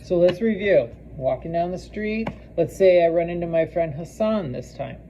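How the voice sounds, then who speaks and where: A man giving a casual spoken language lesson, slowly repeating foreign phrases and using many fillers. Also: fairly high pitch, expressive, warm tone, lo-fi sound, slight background noise. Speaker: language teacher.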